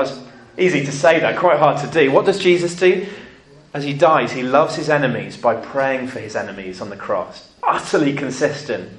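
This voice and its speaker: Guy preaching a sermon, normal mid voice, animated, does the voices in his stories. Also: mid-range voice. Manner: lively storytelling, acting out quotes.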